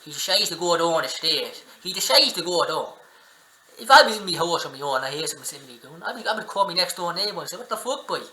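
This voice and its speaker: A man hosting a reaction video, swearing and excitedly talking back at the clip he is watching. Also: on the high side, quick pace, reverberant, low-quality recording. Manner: profane, excitable, talks back at the screen. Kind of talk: casual reaction commentary. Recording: music playing under the voice.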